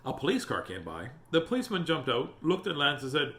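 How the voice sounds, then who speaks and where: Chatty guy doing storytime, lively and a bit high, echoey room. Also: brisk. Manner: animated, chatty, greets viewers. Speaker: storytime host. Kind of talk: reading a picture book aloud. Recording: roomy echo.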